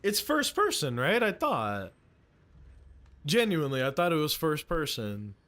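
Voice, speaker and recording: A man's voice: a little high, sing-song, unhurried, a bit bright. A male streamer chatting casually while reacting to a game, joking crudely and laughing often.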